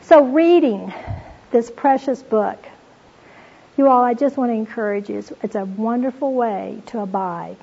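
A woman's voice: fairly high pitch, moderate pace, creaky, mellow, husky. A woman teaching from the Bible in an earnest, storytelling way, reading passages aloud and speaking to listeners as "you all". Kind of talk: devotional teaching talk. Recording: dull lo-fi recording.

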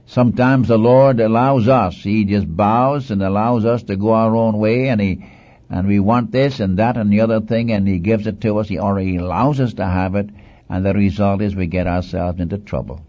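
A man's voice: on the low side, fairly even intonation, moderate pace, warm tone. A man preaching a sermon in an earnest, exhorting manner, repeating phrases for emphasis, on a dull lo-fi recording.

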